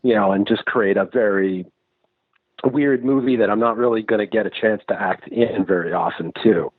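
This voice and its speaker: A man's voice: fairly low pitch, moderate pace, no room sound. A man from New England who makes and acts in films, chatting loosely as a guest and telling stories with plenty of swearing. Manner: loose, profane, animated storytelling. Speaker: filmmaker and actor guest. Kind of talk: casual interview chat. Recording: dry, tinny phone-like sound.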